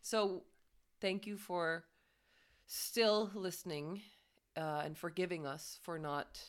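A woman's voice: on the low side, slow pace, pauses often, clear, resonant tone. A young woman co-hosting a podcast, playful and teasing, with frequent giggles. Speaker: podcast co-host. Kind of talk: casual chat.

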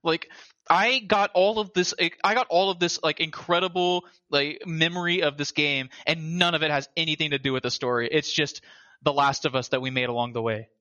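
A man chatting casually about a video game, animated and swearing now and then. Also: a little high, fairly quick, no echo, muffled recording. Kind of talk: casual gaming chat.

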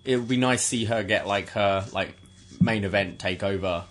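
A man's voice: on the low side, normal speed, a bit bright. A British man co-hosting a podcast, laid-back and a bit hesitant. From Britain. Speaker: podcast co-host. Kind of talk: casual chat.

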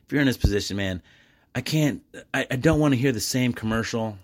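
A man's voice: medium pitch, fairly quick. A man hosting a podcast in a casual, rambling monologue, restarting often and calling listeners "man" and "bro.". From Michigan, United States. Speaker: podcast host; small business owner and dad.

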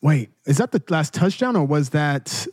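Podcast cohost guy, eager quick reactions, slightly high voice, dry close sound. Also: expressive, darkish tone, husky, no room sound. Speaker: podcast co-host. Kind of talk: casual podcast chat.

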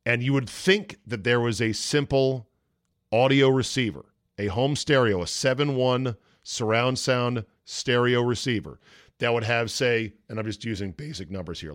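A man's voice: mid-range voice, dry recording, studio quality. A man hosting a sports talk podcast, ranting in a casual, exasperated and profane way, acting out voices in his stories.

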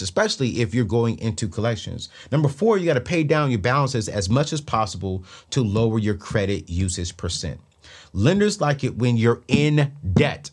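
A man's voice: medium pitch, slightly rough. A man hosting a personal finance show, speaking emphatically and repeating his key lines like a preacher. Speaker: host. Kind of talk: motivational personal finance talk.

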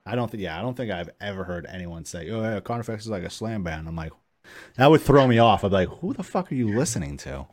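A man's voice: fairly low pitch, animated, quick pace. A man hosting a casual metal podcast, enthusiastic and slangy, swearing freely. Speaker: podcast host.

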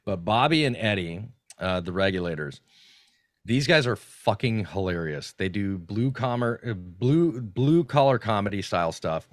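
A man guesting on a podcast, telling stories in a casual, animated, profane way with frequent restarts. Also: lowish voice, normal speed, no echo, studio quality. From North Carolina. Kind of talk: casual storytelling.

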